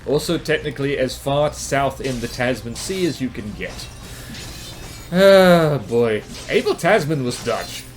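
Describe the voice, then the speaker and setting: A man's voice: mid-range voice, expressive, moderate pace, hardly any pauses, faint music behind. A man from New Zealand with a New Zealand accent, giving rambling, self-mocking commentary over his gameplay. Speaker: gaming commentator.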